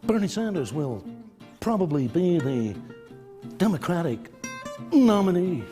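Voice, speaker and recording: A goofy impressionist hops from one famous voice to the next, as a man puts them on for a sketch. His voice sits high. A long reverb tail and loud music run behind. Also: very animated, measured pace. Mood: mock-serious. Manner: showy, switches voices, goofy. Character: impressionist cycling through celebrity voices.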